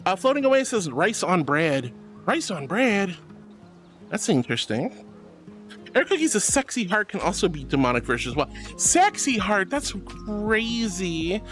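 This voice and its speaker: A woman's voice: medium pitch, sing-song, moderate pace, soft background music. A woman streamer chatting casually and reading out viewer messages, bubbly and affectionate and calling everyone sweetie and honey. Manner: giggly, teasing.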